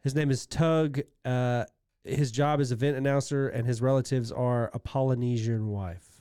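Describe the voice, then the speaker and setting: A man with a smooth, clear voice and middling pitch adds trivia and quick "yeps" to a relaxed conversation. The recording is close and dry. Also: no echo. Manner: chimes in with trivia and short agreements. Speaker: podcast co-host. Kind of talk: casual episode recap chat.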